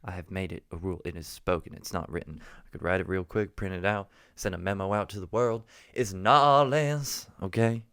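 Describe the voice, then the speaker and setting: A man's voice: sits low, steady tone, fast talker, hardly any pauses, smooth, dry recording, clean studio sound. A young man from New Jersey, rambling through a jokey story in a casual vlog, often restarting his sentences. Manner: rambling, jokey, self-interrupting. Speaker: vlogger.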